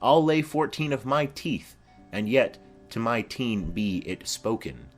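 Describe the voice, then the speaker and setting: A man's voice: medium pitch, big pitch swings, a little slow, faint music behind. A man voicing a garrulous old woman nurse who chatters on in long rambling memories, in a dramatic reading of a play.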